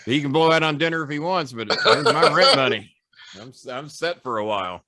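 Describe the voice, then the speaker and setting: A man in his sixties, a podcast guest and former wrestling manager, telling animated, profane stories and acting out the people in them. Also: on the high side, fairly quick, crowd noise. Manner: animated storyteller, profane, doing voices. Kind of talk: podcast storytelling.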